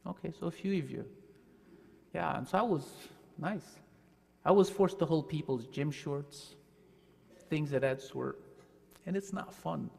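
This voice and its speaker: An imam from New Jersey talking to children at a worship service in a relaxed, friendly way. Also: male voice, fairly high pitch, a little slow, creaky, pauses often. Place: church sanctuary. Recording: long church hall reverb.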